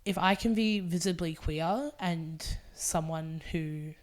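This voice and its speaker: A woman's voice: on the low side, slow pace. A woman, a drag performer and podcast guest, telling candid, emotional stories with frequent swearing and laughter. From Australia. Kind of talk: casual interview chat.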